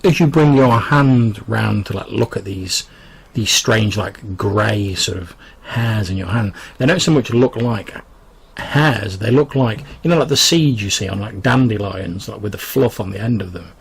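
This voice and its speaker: Male game master, low gravelly voice, rambling narration with lots of "like"s. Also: a little slow, low-quality recording. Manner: rambling, full of restarts and "like".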